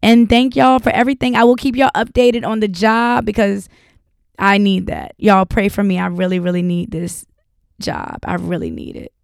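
A woman's voice: mid-range voice, steady tone, moderate pace, vocal fry, clear, resonant tone, dry recording, clean studio sound. A young woman hosting a solo podcast, talking bluntly with lots of profanity and frequent laughter. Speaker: podcast host.

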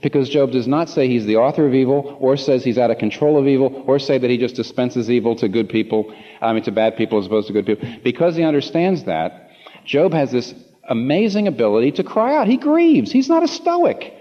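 A man preaching a sermon to a congregation, passionate, repeating phrases for emphasis and swinging from low asides to emphatic peaks. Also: brisk. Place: large room before a congregation. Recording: long hall reverb, slightly muffled.

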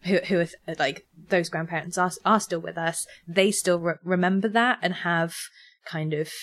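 A woman's voice: on the low side, normal speed. A young woman chatting casually, full of fillers and restarts. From United Kingdom. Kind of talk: casual chat.

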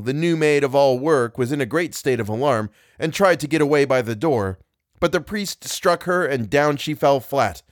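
A man reading a classic tale aloud as podcast narrator, in a measured storytelling manner. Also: medium pitch, dry recording, clean studio sound.

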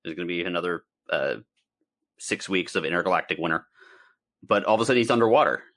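Deep-voiced man riffing on a movie. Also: expressive, fast talker, a bit bright. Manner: laughs often, trailing restarts. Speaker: podcast co-host. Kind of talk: casual movie-review chat.

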